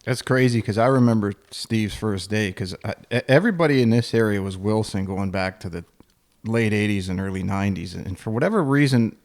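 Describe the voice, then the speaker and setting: A man's voice: lowish voice, a little fast, a little mellow. A man hosting a podcast, chatting in a friendly way and reminiscing. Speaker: podcast host. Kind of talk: casual chat.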